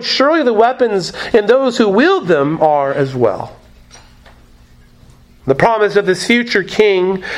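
A man with a notably high voice delivers an expository sermon. He repeats his main phrases for emphasis and often checks in with rhetorical questions. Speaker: pastor.

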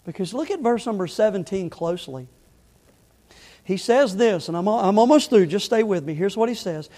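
Middle-aged pastor guy preaching hard, high voice, big loud-soft swings, long church echo. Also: expressive, normal speed. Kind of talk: sermon. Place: church sanctuary.

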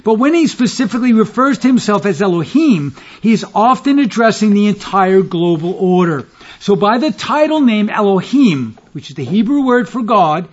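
A high-pitched man delivers an expository sermon, reading scripture in old formal wording and pressing hard on each key point. The recording is muffled and lo-fi, with the top end dulled. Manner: expository teaching, quoting scripture in formal King James phrasing; emphatic, stressing key words. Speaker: preacher.

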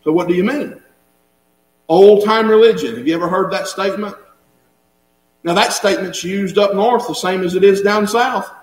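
A man's voice: sits high, a bit bright, reverberant, low-quality recording. A man preaching a conversational sermon to a church, folksy, chuckling as he talks and repeating words. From Southern United States. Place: church sanctuary.

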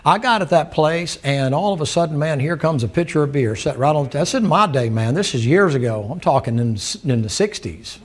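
Older guy preaching, folksy storytelling, slightly high voice, laughs a lot. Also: expressive, brisk, hardly any pauses. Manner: folksy, laughing, acts out dialogue. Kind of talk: sermon storytelling.

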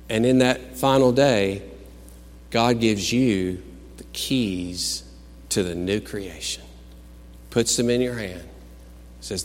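A man preaching a sermon, swinging between loud exclaimed peaks and quiet, musing storytelling. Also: lowish voice, takes it slowly, long pauses, long reverb tail. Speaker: pastor.

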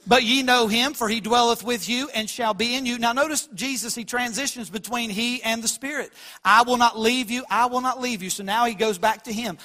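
A man preaching a sermon as pastor, swinging from quiet lows to loud emphatic peaks. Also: moderate pace. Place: church sanctuary.

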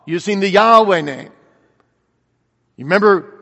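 A man preaching a sermon, earnestly asking rhetorical questions and swinging between loud declarations and quiet reflection. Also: high-pitched, normal speed, long pauses. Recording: long reverb of a large hall.

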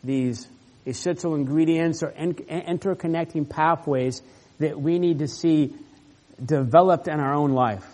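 Speaking a little slowly, a male pastor lays out the meaning of a passage with earnest emphasis. His darkish voice is pitched slightly high for a man, and a long reverb suggests a church sanctuary.

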